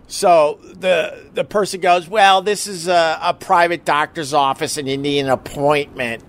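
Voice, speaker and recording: A man's voice: fairly high pitch, normal speed, few pauses, a bit bright. A man telling a personal emergency story in a casual, emotional way, swearing and acting out what others said. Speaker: husband recounting an emergency.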